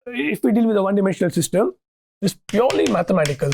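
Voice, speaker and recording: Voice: medium pitch, big pitch swings, rapid-fire, gravelly, darkish tone, a little hiss or hum. A lecturer giving a university lecture, thinking aloud with restarts and often asking "okay, right?" to check that students follow.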